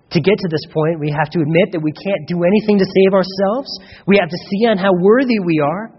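A man's voice: high voice, a little fast, husky. A man preaching a sermon in a church hall in an earnest way, acting out the voices he quotes. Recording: dull, lo-fi recording in an echoey hall.

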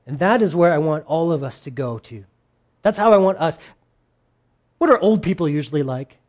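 A preacher giving a sermon in a lively way, with joking asides and quotes acted out in put-on voices. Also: mid-range voice, moderate pace.

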